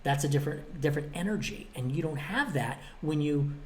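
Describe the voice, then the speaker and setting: A man's voice: a little high, animated, a little fast, slight background noise. A man hosting his own motivational podcast, talking emphatically and bluntly, with a little cheek, and acting out both sides of imagined exchanges. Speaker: podcast host.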